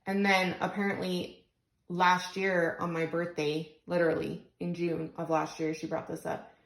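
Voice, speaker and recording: A woman's voice: lowish voice, level tone, moderate pace, vocal fry, roomy sound, poor audio. A young woman venting tearfully and rambling about her frustrations into her phone, close to crying. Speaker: single mom vlogger. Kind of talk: emotional venting vlog.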